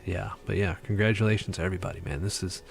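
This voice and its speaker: A man's voice: low voice, fairly even intonation, very fast, gravelly. A tired man hosting a casual livestream chat, rambling with lots of fillers. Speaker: livestream host.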